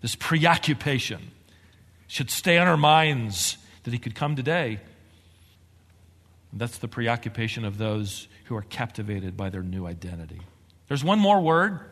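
Expressive male preacher in a reverberant hall. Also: a little high. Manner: expressive preaching, swings between quiet and emphatic. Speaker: pastor. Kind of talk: sermon.

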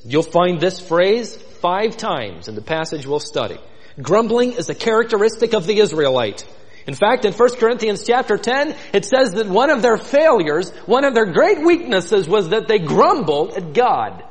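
High, lively preacher in a reverberant hall. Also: male voice, normal speed. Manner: vividly retells scripture scenes, inviting listeners to imagine. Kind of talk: expository sermon.

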